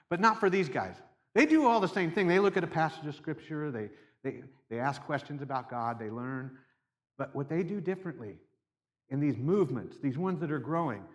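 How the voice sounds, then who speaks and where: A fairly high-voiced man delivering a sermon as if chatting with the congregation. He tells stories casually and often starts his sentences over. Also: fairly bright tone. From Seattle area. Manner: conversational storytelling, frequent restarts. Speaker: pastor.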